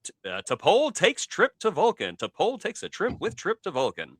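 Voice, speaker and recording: A man's voice: sits high, wildly swooping pitch, normal speed, slightly rough, no echo, studio quality. Sarcastic, theatrical man in his forties. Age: 40s. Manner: sarcastic, theatrical, mock-scolding. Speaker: podcast co-host. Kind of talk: casual live-stream chat.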